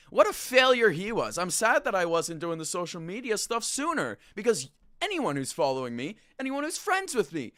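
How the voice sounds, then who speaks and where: A man hosting a live sports talk show, ranting in a frustrated and loud way into a desk mic. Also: sits high. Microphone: desk mic kept at a distance.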